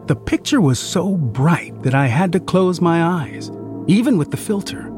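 A man reading a first-person science fiction story in a measured, hushed way. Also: fairly high pitch, lively intonation, faint music behind. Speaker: narrator.

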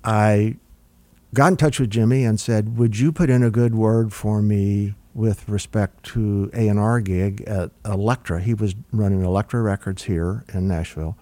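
A record producer guest, an older man, speaks low and warm at a moderate pace, drifting through anecdotes in a conversational interview. He's relaxed and rambling, with many ums and restarts, and the sound is close and dry with no echo or room around it.

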